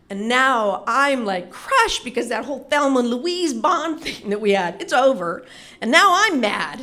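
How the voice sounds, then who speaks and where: A middle-aged woman telling a comedic personal story in an animated, lively way, swearing casually. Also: mid-range voice, a little hiss or hum.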